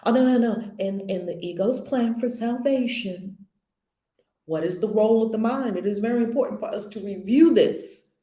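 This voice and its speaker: Earnest woman teaching, warm roomy sound. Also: fairly high pitch, normal speed. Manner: earnest, emphatic, repeats phrases; conversational with playful asides. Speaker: spiritual teacher. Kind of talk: spiritual lesson talk.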